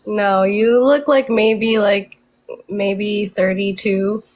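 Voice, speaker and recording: A woman's voice: mid-range voice, fairly even intonation, slow pace, a little mellow, slight background noise, low-quality recording. A woman in her late twenties on a speed date, asking polite, curious questions. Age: 20s. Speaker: speed dating partner. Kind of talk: casual chat.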